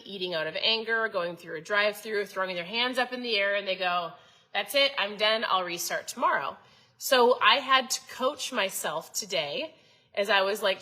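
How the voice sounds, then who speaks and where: Female host, 30s, bright voice, chatty motivational coach who asks the audience questions. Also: mid-range voice, poor audio. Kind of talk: casual motivational talk to viewers.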